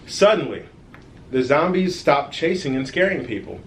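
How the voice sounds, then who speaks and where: A man reading his own children's story aloud in a lively way, adding friendly asides to the kids who listen. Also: a little high, moderate pace, roomy sound, a little hiss or hum.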